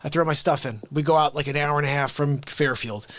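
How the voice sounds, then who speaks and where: A man hosting a live stream, telling a story in a casual, animated way and acting out the people in it. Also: a little high, fairly quick, dry recording. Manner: animated storyteller, acts out voices. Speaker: host.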